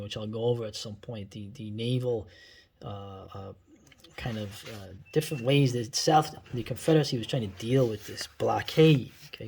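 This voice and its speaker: A man's voice: medium pitch, breathy edge. A man in his forties with a New York accent, talking through old cartoons in a rambling, blunt way full of asides and tag questions. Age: 40s. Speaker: video host. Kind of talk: casual commentary.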